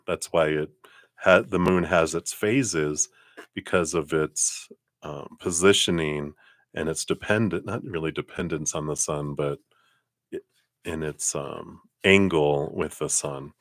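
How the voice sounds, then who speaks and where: Tarot reader, male, very deep voice, dry close sound, meandering delivery with plenty of ums and laughs. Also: fairly bright tone, no echo. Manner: meandering, many fillers and self-corrections; laughs often between remarks. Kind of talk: live-stream card reading.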